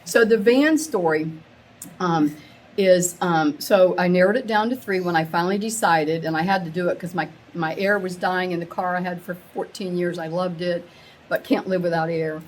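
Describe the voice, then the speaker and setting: A middle-aged woman telling a rambling, excitable story to a small live group, acting out the quotes with big jumps in her voice. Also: on the low side, moderate pace, a little hiss or hum, poor audio. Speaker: meetup attendee sharing a story. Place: women's meetup gathering, audience laughing.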